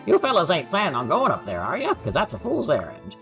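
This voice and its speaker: Man doing high, drawling Southern village woman, blunt and folksy, game voice. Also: huge pitch swings, brisk, fairly bright tone, soft background music, exaggerated voice. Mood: folksy warning. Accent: Southern US (put on). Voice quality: drawling, rough folksy grammar. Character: folksy country townswoman, blunt and warning.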